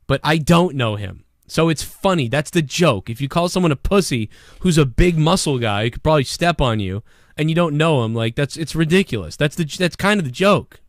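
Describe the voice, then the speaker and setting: A man hosting a casual livestream show, rambling and swearing a lot, with a hoarse voice. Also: fairly high pitch, a little fast, dry recording, clean studio sound. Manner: profane, rambling and animated. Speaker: show host.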